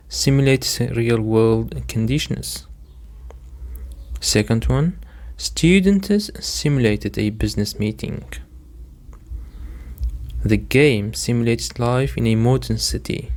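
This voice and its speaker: A man's voice: mid-range voice, darkish tone. A man teaching English vocabulary in a patient lesson, repeating each word and its stress and often addressing his "dear listeners.". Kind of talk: slow, deliberate vocabulary lesson.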